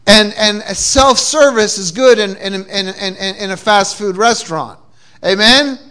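A man's voice: high voice, measured pace, pushed and bright. A man preaching a sermon with call-and-response cues and frequent repeated restarts, from New England. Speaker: pastor. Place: church.

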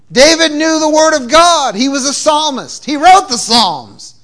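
A man's voice: very high-pitched, animated, measured pace, pushed and bright. A man preaching a sermon with call-and-response cues and frequent repeated restarts, from New England. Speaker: pastor. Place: church.

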